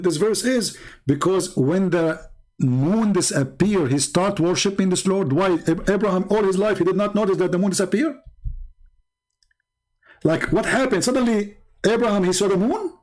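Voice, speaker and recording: A man's voice: fairly high pitch, a little mellow, slightly rough. A man whose first language is Arabic, arguing heatedly with a caller and then mocking the point in sarcastic commentary. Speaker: debate host.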